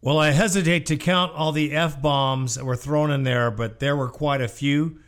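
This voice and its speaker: A man's voice: on the high side, steady tone, moderate pace, fairly bright tone, slight background noise. A man hosting a call-in sports radio show, greeting callers in a friendly, casual way.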